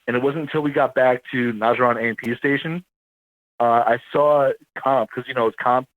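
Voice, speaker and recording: A man, an army veteran, telling his story in a casual interview, rambling and halting as he corrects himself. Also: medium pitch, steady tone, no room sound, narrow, tinny audio.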